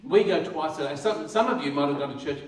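A man's voice: fairly high pitch, lively intonation, fast talker. A man preaching a sermon as pastor, talking earnestly and often repeating words as he starts a phrase. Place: church hall. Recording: echoey hall, voice from far off.

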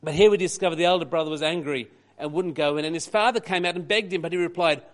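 Male preacher, high pitch, animated sermon delivery with quiet asides. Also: fast talker. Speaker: pastor.

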